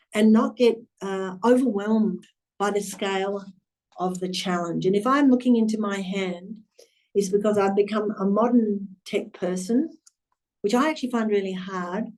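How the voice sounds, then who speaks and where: A woman's voice: medium pitch, darkish tone. A woman giving an earnest, emphatic storytelling talk at a leadership session. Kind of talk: storytelling talk to an online audience. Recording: distant from the mic.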